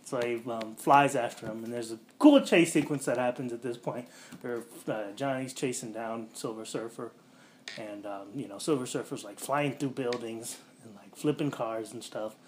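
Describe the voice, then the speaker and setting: A man's voice: mid-range voice, slight background noise. Rambling male podcast host recapping plots. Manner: rambling plot recap full of fillers like um and like; acts out quotes in quick character voices. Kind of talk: casual podcast chat.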